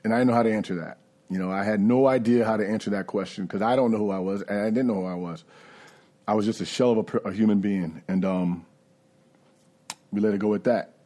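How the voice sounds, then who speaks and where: A man's voice: lowish voice, steady tone, fast talker, mellow. A man giving a candid, conversational personal recovery testimony. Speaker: recovery speaker.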